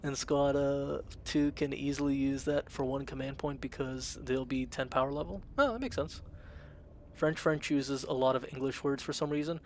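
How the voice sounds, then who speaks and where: This man, raised in a Russian-speaking family that moved to America, keeps up casual chatter on his gaming live stream. His mid-range voice holds a steady tone at normal speed, with a little hiss or hum in the audio. He rambles with plenty of fillers and reads chat aloud.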